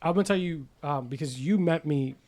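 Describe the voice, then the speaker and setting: A man's voice: a little high, a little fast, darkish tone. A man in his forties hosting a podcast, telling stories in casual chat with lots of laughter and swearing, acting out the voices of people he quotes. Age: 40s. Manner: profane, laughing storyteller who acts out quoted voices. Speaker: podcast host.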